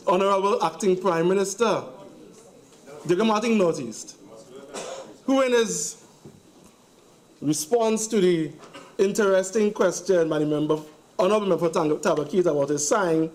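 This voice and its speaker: A man with a Trinidadian accent giving a sarcastic, emphatic speech in a parliamentary debate, hammering points through repetition. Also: fairly high pitch. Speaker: member of parliament. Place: parliament chamber.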